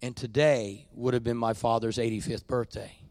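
A man preaching a sermon, dropping to quiet confiding and rising to loud, drawn-out peaks. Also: medium pitch, fairly even intonation, dry recording. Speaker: pastor.

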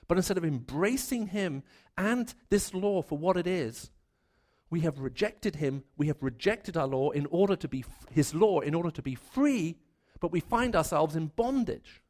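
An earnest male preacher delivering a sermon with a voice pitched a little high for a man. He stacks up repeated phrases to drive each point home and drops lower and quieter when he tells a story. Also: lively intonation, moderate pace.

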